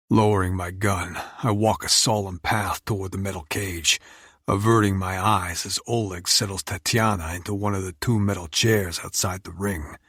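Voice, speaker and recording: A man narrating a first-person romance audiobook in an intense, measured, brooding way. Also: deep voice, fairly bright tone, slightly rough, dry recording, clean studio sound.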